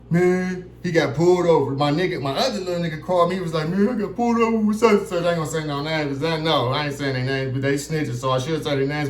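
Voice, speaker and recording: Profane man spinning a long story, slightly high voice. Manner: profane, animated, keeps asking "you feel me"; acts out other people's lines. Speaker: vlogger. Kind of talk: casual storytelling to camera. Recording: roomy echo with faint background noise.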